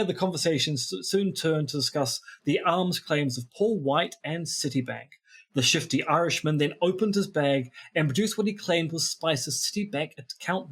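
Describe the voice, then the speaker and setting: A man's voice: fairly high pitch, fairly bright tone, slightly rough. A man co-hosting a podcast, reading from a book with dry, wry asides. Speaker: podcast co-host. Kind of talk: reading aloud from a book in casual chat.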